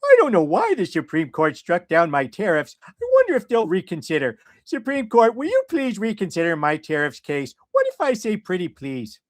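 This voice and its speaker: A man's voice: high voice, wildly swooping pitch, moderate pace, hardly any pauses, no room sound. A man voicing a dim-witted, bragging male president in a goofy cartoon voice. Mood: boastful, pleading. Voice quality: goofy, dopey, pleading.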